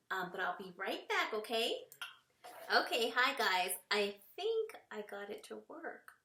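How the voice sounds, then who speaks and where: A woman's voice: on the high side, bright, forceful tone, recorded from a distance. A woman teaching an online reading lesson to children from home, patient and encouraging, stretching out words as she explains them. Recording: roomy echo, voice away from the mic.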